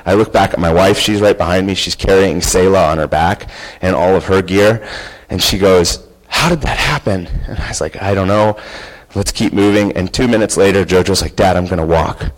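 A man's voice: sits low, low-quality recording. A man in his thirties telling a personal story in an earnest, conversational way, acting out quoted lines. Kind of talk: storytelling talk.

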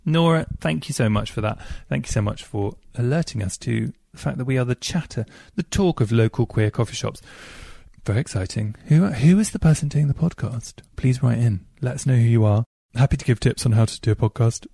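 A man's voice: mid-range voice, a little fast, vocal fry, mellow, dry recording, studio quality. A man hosting a casual podcast, reading listener emails. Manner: chatty, reads listener emails aloud. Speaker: podcast host.

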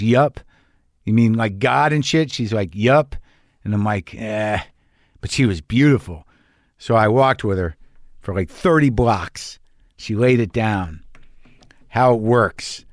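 A man's voice: mid-range voice, no room sound, studio quality. A middle-aged man hosting a podcast, telling a candid personal story in a blunt, profane and wry way. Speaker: podcast host.

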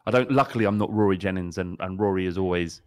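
A man co-hosting a casual football podcast, measured and wry as he builds his points. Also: low voice, darkish tone, no room sound. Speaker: podcast co-host.

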